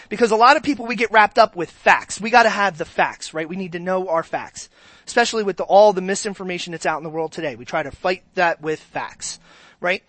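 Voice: mid-range voice, fairly bright tone, no room sound. A pastor giving a sermon in a conversational way, asking the congregation questions and reading scripture with emphatic sarcasm.

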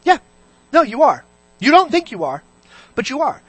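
Animated preacher full of rhetorical questions. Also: high-pitched, moderate pace, slightly rough, no echo. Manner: animated, fires rhetorical questions at the congregation, swings between loud and hushed. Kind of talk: sermon.

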